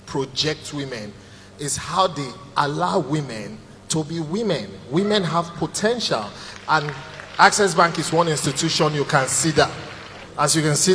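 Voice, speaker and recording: A middle-aged man with a Nigerian accent works a stand-up crowd, spinning stories and putting on voices for the people in them. His voice is bright and sits a little high. The long echo of a large hall and a faint hum of ambience hang behind him. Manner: storytelling with Pidgin asides, acting out the people he quotes. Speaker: stand-up comedian. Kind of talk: live stand-up comedy set.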